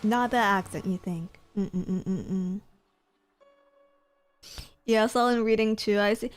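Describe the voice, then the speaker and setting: Woman streamer, playful, self-mocking, quick to laugh, light music bed. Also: medium pitch. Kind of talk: casual chat reading viewer comments.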